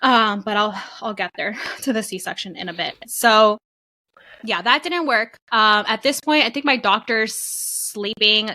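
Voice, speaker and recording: A young woman co-hosting a podcast, casually telling a personal story and acting out what people said. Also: mid-range voice. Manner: animated storytelling, acts out quotes. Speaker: podcast co-host. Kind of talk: casual chat, telling her birth story.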